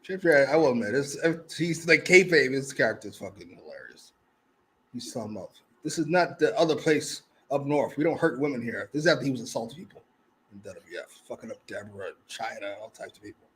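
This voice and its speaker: This is a man chatting as co-host on a wrestling review show. He talks loosely and swears often, and his delivery swings widely in pitch as he jokes around. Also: fairly quick, poor audio. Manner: animated, profane, jokey. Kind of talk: casual wrestling review chat.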